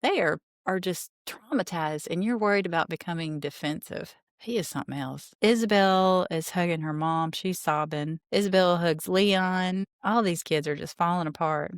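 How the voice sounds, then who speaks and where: A woman's voice: lowish voice, normal speed, hardly any pauses, no room sound, studio quality. A woman hosting a podcast, recapping a reality show in a blunt, sarcastic way and swearing casually. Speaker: podcast host.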